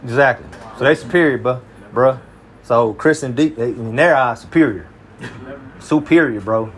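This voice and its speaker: At a moderate pace and mid-range pitch, a man from Kentucky leads a small group through Bible study. He chats in a slangy, laid-back way and regularly checks understanding with "you see what I'm saying."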